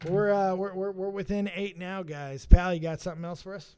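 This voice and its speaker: A man hosting a live stream who reads out names from the chat, swears casually and now and then shouts with excitement. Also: sits high, brisk, hardly any pauses, clear, resonant tone. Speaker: streamer and show host.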